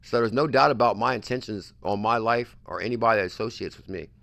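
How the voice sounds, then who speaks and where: A man's voice: on the low side, quick pace, creaky, fairly bright tone, dry recording. A man hosting a crypto livestream in a pushy, repetitive hype style, keeps pressing his point. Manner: pushy, repetitive hype, keeps saying "I'm telling you". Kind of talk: hyped casual livestream talk.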